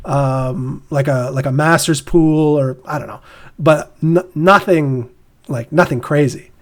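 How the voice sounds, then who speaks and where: Brief: young Canadian guy, slightly high voice, loose rambling podcast banter. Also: a little slow. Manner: rambling, restarts and laughs often. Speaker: podcast co-host. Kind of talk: casual chat.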